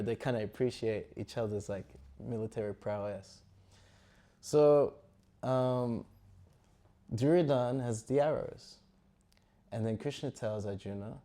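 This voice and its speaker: Mellow man telling a scripture story casually. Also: medium pitch, a little slow, long pauses. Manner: casual, rambling, full of fillers. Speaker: spiritual teacher.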